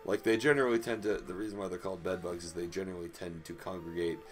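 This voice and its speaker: A man's voice: low voice, steady tone, fast, soft background music. A young man hosting a podcast, telling laid-back stories in casual chat and swearing freely. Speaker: podcast host.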